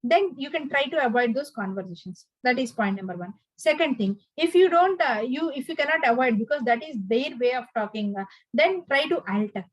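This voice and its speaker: A woman's voice: high voice, expressive, a little fast, no room sound, lo-fi sound. A woman giving an earnest advice lecture, full of fillers and restarts. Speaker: instructor.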